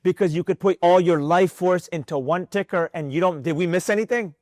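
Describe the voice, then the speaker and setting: Before a room of students, a man with a light, high voice runs a trading mentorship class, speaking a little fast. His delivery is animated and preachy, and he drives points home through repetition. The recording is dry and close, with no echo from the room.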